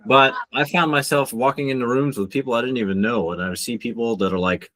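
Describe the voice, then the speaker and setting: A man's voice: mid-range voice, fairly even intonation, fairly quick, a bit bright, no echo. A man co-hosting a podcast, talking reflectively about spiritual things with a few restarts. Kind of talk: casual podcast chat.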